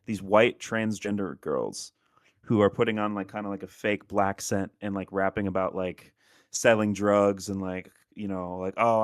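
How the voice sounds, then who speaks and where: A man co-hosting a casual podcast, talking in a rambling way with "like" in nearly every phrase and laughing often. His voice sits somewhat low. It is heard dry and close, with no room sound. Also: no echo. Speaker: podcast co-host.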